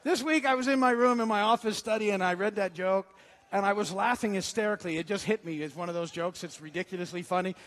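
This man's high, fairly bright voice moves fast as he preaches a sermon as pastor. He chats and jokes between scripture readings. The recording carries the long reverb of a church sanctuary.

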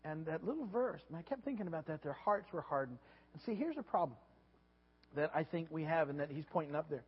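A pastor preaching a sermon, animated and repeating his words, sometimes acting out voices. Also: fairly high pitch, brisk, breathy edge. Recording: dull lo-fi sound with long hall reverb.

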